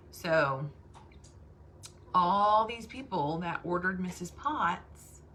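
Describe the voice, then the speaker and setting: A woman's voice: lowish voice, a bit bright, a little hiss or hum. A woman with a Southern US accent, chatting casually to her sales team and calling them y'all. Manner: chatty, addresses listeners as y'all.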